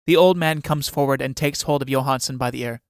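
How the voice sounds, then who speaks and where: A man reading aloud the stage directions of a play in an even, measured way. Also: mid-range voice, clear, resonant tone, no echo, studio quality. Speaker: audiobook reader.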